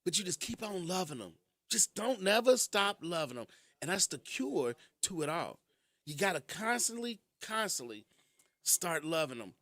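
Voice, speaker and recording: Radio host, male, high and very lively voice, laughs often, from Kentucky, dry studio sound. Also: moderate pace, dry recording. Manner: animated storytelling, laughs often. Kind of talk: casual radio talk. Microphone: studio mic.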